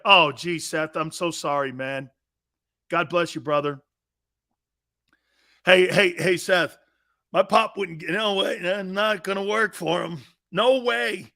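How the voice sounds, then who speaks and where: A high-pitched, bright-toned man hosts a sports talk show and spins animated stories between viewer comments. He laughs hard at his own jokes and talks in a loose, casual way. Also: slow, creaky, pauses often. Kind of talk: casual live-stream chat reading viewer comments.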